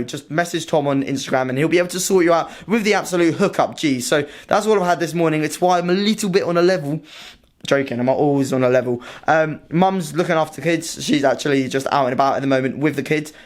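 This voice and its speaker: A young British man vlogging casually to his own camera at home and in his car, excitable, slangy and full of swearing. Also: fairly high pitch, a little fast. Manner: excitable, slangy and sweary, keeps saying "mate". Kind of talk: casual vlog chat to camera. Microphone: self-filmed camera.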